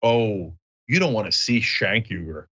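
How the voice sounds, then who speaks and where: Male podcast host, animated banter, bright voice, slightly dull sound. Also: a little slow. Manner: animated, jumps into high mock voices for quotes. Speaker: show host. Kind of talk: casual podcast banter, reading viewer comments.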